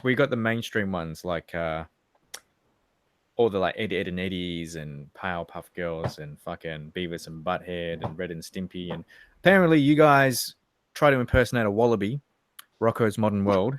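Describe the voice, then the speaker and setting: Aussie guy in his 30s rambling on a late stream, swears a lot, lowish voice, dry sound. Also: moderate pace, no echo. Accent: Australian. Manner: animated, profane, rambling. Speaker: livestream co-host. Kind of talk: casual chat.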